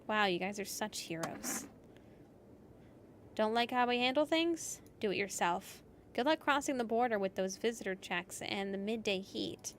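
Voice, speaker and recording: A woman voicing a brisk, defensive embassy phone clerk who sounds overworked, as she reads game dialogue. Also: medium pitch, lively intonation, a little hiss or hum, close to an everyday voice. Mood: snippy.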